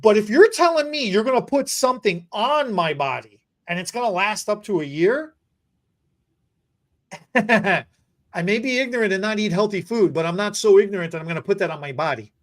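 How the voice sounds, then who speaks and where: Animated, joking podcast host. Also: moderate pace. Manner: animated, joking, rambling with restarts and repeated words; mock infomercial pitch. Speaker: podcast host and stylist educator. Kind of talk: casual podcast chat.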